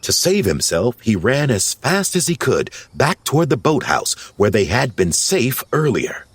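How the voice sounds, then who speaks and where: A man narrates a bedtime storybook at an unhurried pace. His low voice rises and falls with lively expression. The sound is close and dry. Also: slightly rough, no room sound. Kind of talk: audiobook narration.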